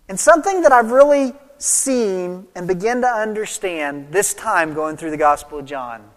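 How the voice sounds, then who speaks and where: A pastor preaching a sermon, swinging between loud emphatic lines and soft, low asides. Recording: long reverb of a large hall.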